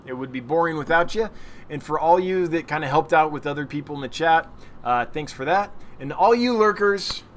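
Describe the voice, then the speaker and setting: A man's voice: fairly high pitch, animated, fairly quick, a little hiss or hum. A man hosting a weekly livestream, chatting casually as he answers viewer questions and laughs at his own slips. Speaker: livestream host.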